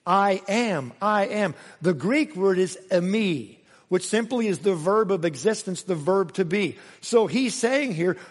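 A man's voice: sits high, lively intonation, a little slow, hardly any pauses, a little mellow, big-room sound. A man preaching a sermon as pastor, earnest and building to emphatic repeated phrases. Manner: earnest, rising to emphatic repetition.

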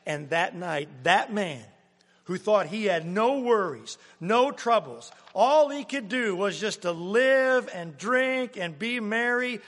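A man preaching a sermon as pastor, swinging from loud emphasis to hushed, near-whispered lines. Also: sits high. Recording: long hall reverb.

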